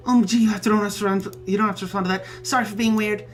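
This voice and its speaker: A man's voice: sits high, steady tone, very fast, faint music behind, pitched above the performer's own voice, natural voice. A man voicing a lonely, eager young male bee troll with a buzzy voice who apologizes and pities himself. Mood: nervous. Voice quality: buzzy accent. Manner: eager, apologetic, self-pitying.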